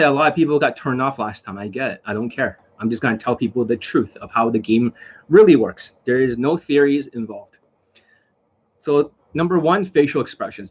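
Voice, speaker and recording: A man's voice: mid-range voice, husky, muffled recording. A man talking casually to camera as a dating coach, blunt and repetitive, lecturing in a home video. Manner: blunt, repetitive, lecturing, swears under his breath.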